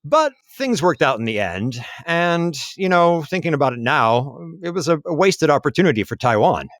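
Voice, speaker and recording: A man co-hosting a history podcast, talking in a relaxed, musing way with frequent fillers. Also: a little high, normal speed, dry recording, clean studio sound. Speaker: podcast co-host. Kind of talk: casual history podcast chat. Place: lives in Taiwan.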